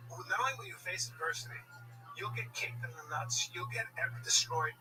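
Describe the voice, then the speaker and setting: A man hosting a podcast in casual chat, teasing his guest with rambling, drawn-out remarks. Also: sits high. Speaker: podcast host. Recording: distant mic with music behind.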